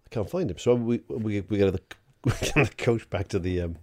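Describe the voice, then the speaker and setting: A man's voice: fairly low pitch, a little fast, darkish tone, slight background noise. A man, a podcast co-host, telling a rambling anecdote, swearing freely and laughing as he goes. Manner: swears freely, laughs through his story.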